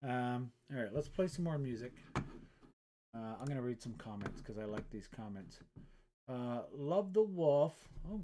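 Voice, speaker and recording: A man's voice: medium pitch, a little mellow. A man live streaming as a chalk artist, rambling casually and talking to himself between remarks. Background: faint music.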